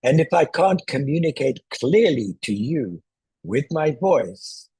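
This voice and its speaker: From a small one-room apartment, a man coaches viewers on online presentations in a casual tutorial, deliberately speaking loudly and often checking in with "right?" His voice is a little high, sing-song, slow and slightly rough, with no room sound and poor audio.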